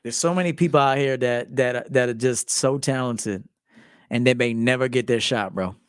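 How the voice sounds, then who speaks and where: A man in his forties, a men's life coach, telling stories in a profane, animated casual monologue, acting out quotes. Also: mid-range voice, moderate pace, clear, resonant tone, dry recording, studio quality. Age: 40s. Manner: profane, animated storytelling with acted quotes and laughs.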